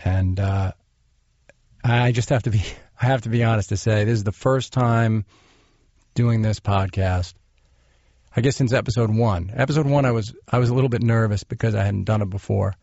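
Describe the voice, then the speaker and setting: A man hosting a podcast, chatting and teasing his guest in a halting way full of fillers. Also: fairly low pitch, darkish tone, no room sound, dull audio. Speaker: podcast host. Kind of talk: casual interview chat.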